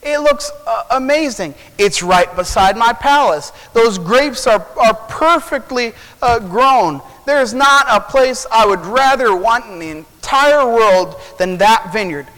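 A whiny, spoiled king, as a male preacher acts him out in a sermon, greedy and demanding in a raised, high voice. Long reverb from a large hall trails every line. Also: expressive, normal speed, a bit bright. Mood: coveting.

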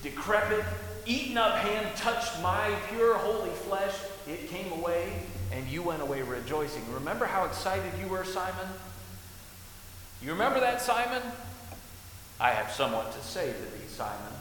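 A male pastor preaching a sermon in a church, quoting old scripture and swinging from hushed passages to loud ones. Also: sits high, lively intonation, normal speed. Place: church sanctuary. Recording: echoey hall with faint hiss.

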